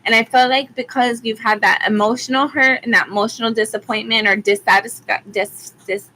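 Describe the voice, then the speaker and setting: A woman's voice: fairly high pitch, steady tone, a little fast, sharp tone, slight background noise, rough recording. A woman from Arizona giving a rambling, chatty live-stream tarot reading, with frequent ums. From Arizona, USA. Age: adult with school-age kids. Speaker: tarot reader.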